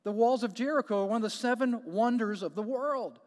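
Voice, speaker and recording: Guy preaching a sermon, pretty high voice, hammers points with repeated questions, big echoey hall. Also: brisk. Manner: emphatic, repetitive preaching with rhetorical questions.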